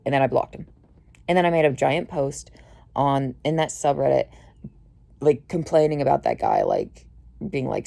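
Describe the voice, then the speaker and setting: A young woman telling a rambling, swear-heavy story to camera, mostly low-key and tired with sudden heated outbursts. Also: very animated, normal speed, creaky, warm tone. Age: young adult. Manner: swears a lot, rambling with many fillers. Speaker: vlogger. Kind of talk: casual storytelling rant.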